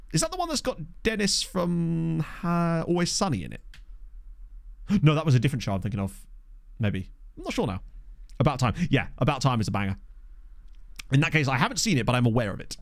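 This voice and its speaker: A man's voice: dry recording, clean studio sound. A young man from England streaming a management game, chatting casually and answering his chat as he plays. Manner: chatty, answers chat, lively pitch swings. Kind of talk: casual chat while playing. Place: home streaming setup. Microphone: desk microphone.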